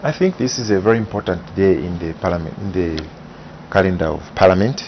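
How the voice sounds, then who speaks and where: A man speaks in a very deep, gravelly voice, laying out his points in a measured, methodical way. The recording sounds dull, with a faint hiss behind him. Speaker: guest explaining parliament procedure. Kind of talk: broadcast interview answers.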